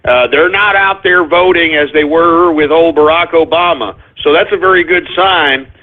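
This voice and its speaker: A man's voice: a little high, normal speed. A man hosting a call-in radio show, ranting in a profane, irritated, blustering way. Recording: phone-like narrow audio.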